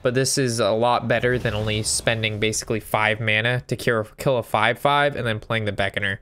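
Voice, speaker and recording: A man's voice: lowish voice, steady tone, brisk, fairly bright tone. A man giving casual gameplay commentary, thinking through his moves aloud and sometimes breaking into a sweary rant. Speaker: game streamer.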